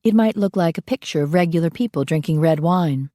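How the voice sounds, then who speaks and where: A woman narrating a paranormal romance audiobook in an even, measured storytelling voice. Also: low-pitched, no room sound, clean studio sound. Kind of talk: scripted narration.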